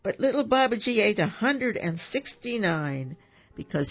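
A man reading a children's story aloud for a radio program, animated and correcting his slips as he goes, with a husky, gravelly voice. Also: high-pitched, a little slow, soft background music. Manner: animated, with some stumbles and self-corrections. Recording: dull lo-fi radio recording.

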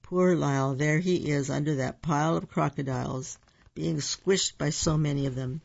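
A gravelly, unhurried voice reading a picture book aloud, stopping now and then for asides about the pictures. The recording sounds dull and lo-fi. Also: mid-range voice, steady tone, darkish tone. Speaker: storybook reader.

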